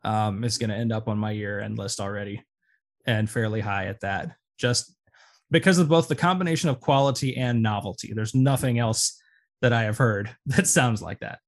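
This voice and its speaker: A man's voice: lowish voice, moderate pace. A man co-hosting a music podcast in casual chat, enthusiastic and rambling, with many fillers. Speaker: podcast co-host.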